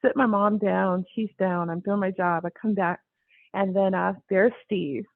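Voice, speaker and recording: Gravelly woman telling a story over the phone. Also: mid-range voice, unhurried, dry recording. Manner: animated, acts out quoted voices. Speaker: interview guest. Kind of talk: casual storytelling. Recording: tinny phone-line sound, dry.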